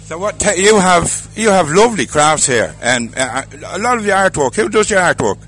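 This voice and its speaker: A man's voice: high-pitched, very animated, moderate pace, fairly bright tone, a little hiss or hum. An Irish man hosting casual walkabout interviews at a festival, chatty and jokey, laughing often. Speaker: roving host at a festival.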